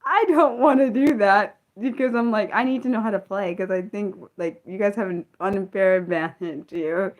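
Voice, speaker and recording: A woman's voice: medium pitch, moderate pace, hardly any pauses, dull audio. A young woman from the United States hosting an unscripted livestream, rambling with many fillers and restarts as she chats with viewers. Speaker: livestream host.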